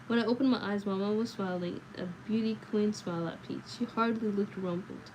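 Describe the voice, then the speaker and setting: A woman reading a novel aloud on a livestream, in a steady way with small slips and self-corrections. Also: medium pitch, fairly quick, background noise. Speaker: livestream book reader.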